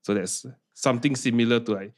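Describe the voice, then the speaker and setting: A man with a Singaporean English accent co-hosting a podcast in casual chat, relaxed and chatty, often repeating his words. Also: mid-range voice, fairly quick. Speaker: podcast co-host.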